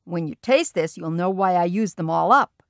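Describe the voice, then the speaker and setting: An eager, overconfident storybook father who talks in a bright, coaxing way, as a woman reader plays him. The reading is close and dry, with no room around it. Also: lowish voice, expressive, moderate pace, no echo. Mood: proud. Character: cheerful, overconfident father cooking for his sons.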